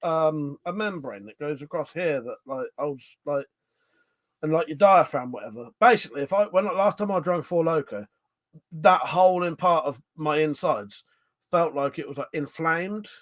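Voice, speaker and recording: A man's voice: on the high side, moderate pace. A man hosting a casual livestream, chatting loosely and reading viewers' comments aloud, rambling and swearing freely with many fillers and restarts. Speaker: livestream host.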